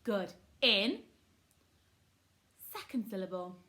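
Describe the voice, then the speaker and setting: A woman's voice: medium pitch, big pitch swings, slow pace, pushed and bright. A woman teaching a phonics lesson to young children, upbeat and encouraging, sounding words out syllable by syllable. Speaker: primary school teacher.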